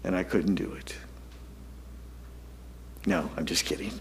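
A man, a pastor, telling a story in a sermon to his congregation, animated and self-deprecating, swinging from loud to hushed. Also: low-pitched, measured pace, vocal fry, a little hiss or hum.

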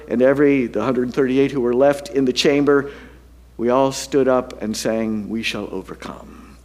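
In a voice that sits high, a pastor tells his congregation a story mid-sermon. He's animated and makes jokes at his own expense, shifting from loud to hushed.

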